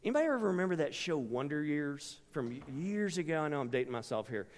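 Animated middle-aged preacher in a reverberant hall. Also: male voice, a little high, fast. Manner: animated, dramatic delivery with sudden shouts and hushed asides. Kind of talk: storytelling sermon. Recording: long reverb from a large hall.

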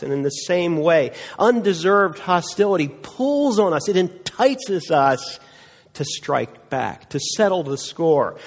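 A man preaching a sermon, telling stories earnestly with dramatic pauses. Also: a little high. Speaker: pastor. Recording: long reverb of a large hall.

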